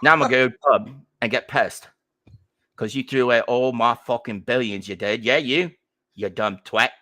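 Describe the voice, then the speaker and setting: Lout, loud and sweary, bright and forceful; a man puts it on. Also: medium pitch, moderate pace, dry recording, lightly acted. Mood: jeering. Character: crude working-class British man mocking his mum.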